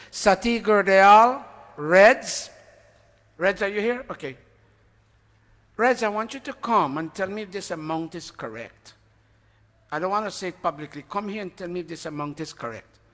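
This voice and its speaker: His voice sits high and a bit bright as a man makes informal announcements to a temple congregation, chattily listing donors. Recorded in a reverberant hall, he now and then turns to the audience with questions and owns up when a name escapes him.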